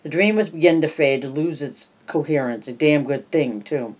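A narrator reads a horror novel aloud at a measured pace. The voice sits at a mid pitch and drops softer when the tension rises. The telling is steady throughout. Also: breathy edge. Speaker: audiobook narrator. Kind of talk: scripted narration.

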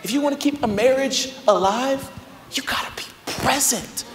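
A young pastor delivers a live sermon in a high voice. He swings between loud exhortation and hushed, soft storytelling. The sound carries the long reverb of a large hall. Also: moderate pace, noisy background. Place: large church auditorium.

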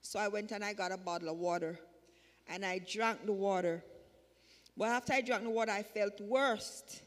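In a church sanctuary, a woman gives her personal testimony at a service, repeating herself emphatically as her fervor builds. Her voice is medium in pitch and sounds like it fills a large hall.

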